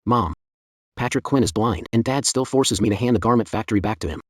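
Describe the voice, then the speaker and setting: A man's voice: on the low side, brisk, no room sound, natural voice. A man voicing a scheming, greedy young brother-in-law, sneering and sarcastic, in a dry booth. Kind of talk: dubbed drama acting.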